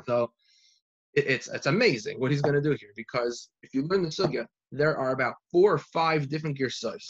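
A young man teaching a Talmud lesson in yeshiva style, animated and full of restarts. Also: mid-range voice, a little fast, highs cut off. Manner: animated, uses Hebrew and Yiddish learning terms, many restarts. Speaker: Torah teacher.

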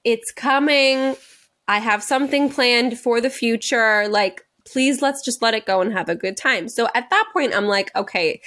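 A woman's voice: a little high, a bit bright. A young woman co-hosting a podcast, telling a story in a casual chat and laughing often. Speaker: podcast co-host. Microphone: video call.

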